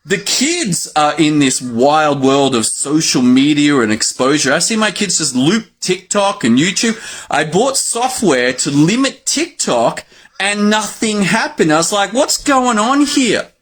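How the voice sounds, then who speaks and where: A lively, husky-voiced Australian man in his forties, talking to fellow doctors as an educator. His pitch sits a little high and swings widely as he acts out his own exclamations. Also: measured pace.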